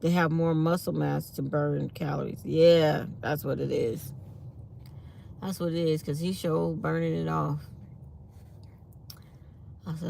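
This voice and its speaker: Woman, tired, chatty, low gravelly voice, faint hiss behind. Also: normal speed, pauses often, a little mellow. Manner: chatty, reads live comments aloud. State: tired and yawning. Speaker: channel host. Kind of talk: casual morning chat to viewers.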